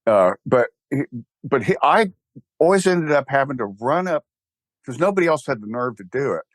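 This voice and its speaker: An older man with a Texan drawl tells stories in a loose, rambling way, with wry, self-deprecating humor and bursts of animation. His voice sits at a middling pitch. It sounds close and dry, with no room echo. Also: animated, moderate pace. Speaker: interview guest, church founder. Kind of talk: casual conversational interview.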